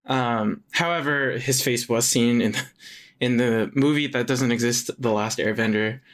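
A man's voice: mid-range voice, normal speed, fairly bright tone. A man co-hosting a podcast, reading out fun facts with hesitant fillers. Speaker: podcast co-host. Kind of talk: casual chat sharing trivia.

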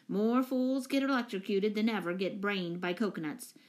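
A woman reading aloud, voicing a hearty older male professor who gives gruff, clipped instructions during a storm. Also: medium pitch, moderate pace, darkish tone, lightly acted. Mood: brisk.

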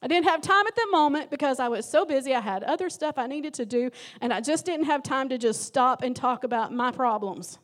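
High-voiced woman pastor preaching. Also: lively intonation, a little fast, hardly any pauses. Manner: emotional, dramatic storytelling with sudden loud emphasis. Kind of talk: sermon.

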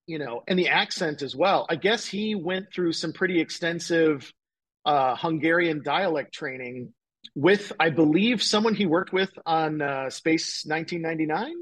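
A man's voice: on the high side, normal speed, slightly rough, poor audio. A man guesting on a podcast, talking enthusiastically in a rambling way, full of "like" and "you know". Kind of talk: casual chat.

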